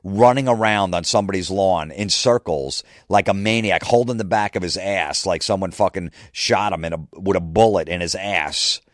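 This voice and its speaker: A comedian and podcast host telling a rambling comic story in a casual, profane way. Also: male voice, deep voice, moderate pace, few pauses, dry recording, studio quality.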